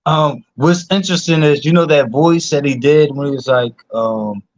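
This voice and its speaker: A man's voice: fairly high pitch, moderate pace, no echo, dull audio. A man from Philadelphia hosting a casual stream, chatty, laughing often and full of fillers. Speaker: host. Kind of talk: casual live-stream chat.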